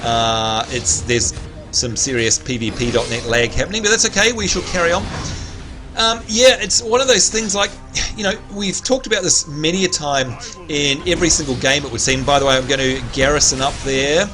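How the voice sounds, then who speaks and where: A man's voice: a little high, fairly even intonation, moderate pace, over music. An Australian man hosting a livestream and giving upbeat play-by-play commentary on a match he is playing, chatting to his viewers. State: slightly hoarse, clearing his throat. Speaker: livestream host and game commentator. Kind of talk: live gameplay commentary.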